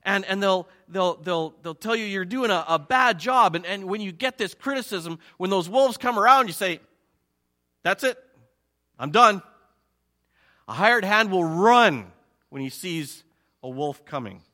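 A man preaching a sermon with a lively, swooping voice that sits a little high for a man. His tone is bright and ringing, and he acts out his listeners' reactions in playful asides. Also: moderate pace. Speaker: pastor.

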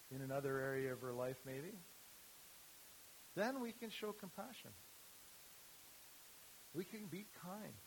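A man's voice: on the high side, a little hiss or hum, poor audio. A man giving an informal sermon as a youth ministry speaker, talking conversationally with many fillers and restarts.

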